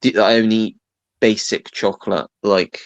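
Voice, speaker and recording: Man, low pitch, gravelly, relaxed chatty co-host, dry close sound. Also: moderate pace, no room sound, muffled recording. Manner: easygoing, laughs along, reads viewer comments. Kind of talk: casual chat.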